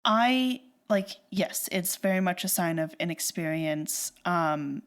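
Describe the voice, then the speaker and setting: A woman co-hosting a movie podcast, talking in loose, casual chat. She rants with real heat, her pitch leaping around as she acts out bits of dialogue, and "like" fills her sentences. The sound is close and conversational. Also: slow. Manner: animated ranting, heavy use of "like", acts out quoted lines. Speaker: podcast co-host. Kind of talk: casual film discussion.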